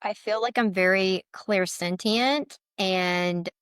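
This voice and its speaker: A woman's voice: mid-range voice, takes it slowly, a bit bright, smooth, no room sound, studio quality. A woman guest speaking earnestly and emotionally in a casual interview, often saying "like". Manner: earnest, emotional, heavy use of "like". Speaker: guest, letter board practitioner.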